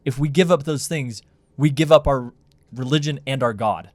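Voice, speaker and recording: A man's voice: medium pitch, moderate pace, dry recording. Earnest man arguing firmly on a podcast. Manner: earnest, firm, argumentative. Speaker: podcast co-host. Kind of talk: casual podcast chat.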